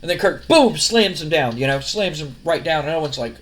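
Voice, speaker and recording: A man's voice: a little high, fast talker, few pauses. Rambling young man narrating a game. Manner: rambling, swearing, animated retelling. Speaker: let's-play narrator. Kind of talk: casual game commentary.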